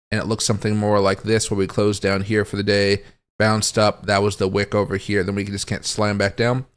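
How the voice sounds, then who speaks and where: A man's voice: lowish voice, smooth. Rambling man talking crypto charts live. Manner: rambling, thinks aloud over charts. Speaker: crypto market streamer. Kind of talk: casual livestream market commentary.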